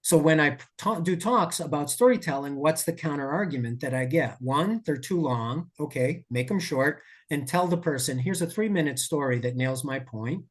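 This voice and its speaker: A man speaking as a podcast guest, telling a story in a lively, digressive way with asides and self-corrections. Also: on the high side, moderate pace, hardly any pauses. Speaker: podcast guest, safety expert. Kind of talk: conversational storytelling.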